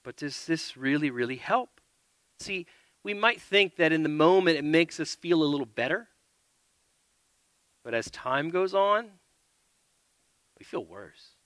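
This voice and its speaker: A man delivers a sermon in a bright, forward voice pitched a little high. He talks earnestly, swinging between loud emphasis and quiet asides. The sound is close and dry, with little room around it. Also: animated, unhurried, pauses often, no room sound. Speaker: preacher.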